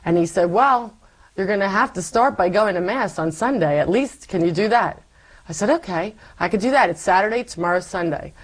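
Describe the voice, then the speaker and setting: A woman's voice: mid-range voice, lively intonation, brisk, rough recording. A woman telling her personal faith story in an interview, acting out her past self as she goes. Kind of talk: conversational testimony.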